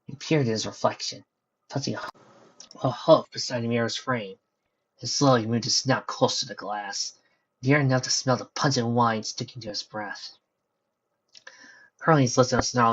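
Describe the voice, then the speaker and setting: A man narrating a fan-fiction story in a steady storytelling manner, on a dull lo-fi recording. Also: medium pitch, moderate pace, pauses often, breathy edge.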